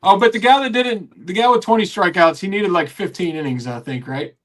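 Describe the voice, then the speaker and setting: A man's voice: high voice, fairly quick. A man hosting a casual sports radio chat, rambling with fillers and restarts.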